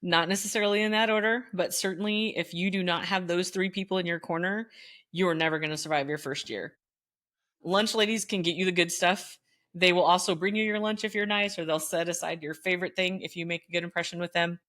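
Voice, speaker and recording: A woman's voice: lowish voice, fairly quick. A middle-aged woman, a former teacher, telling school stories in casual chat with lots of laughter. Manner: animated, laughing storyteller.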